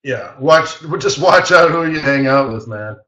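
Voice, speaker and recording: A man's voice: medium pitch, a little slow, roomy sound, muffled recording. A man hosting a live trading webinar, telling stories with lots of laughter and acted-out quotes. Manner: animated anecdote teller who laughs often and acts out quoted voices.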